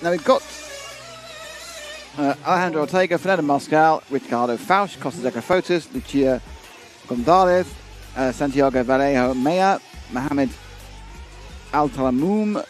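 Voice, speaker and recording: A man's voice: on the high side, normal speed, pauses often, soft background music. A man commentating a live race and telling long rambling stories with many restarts.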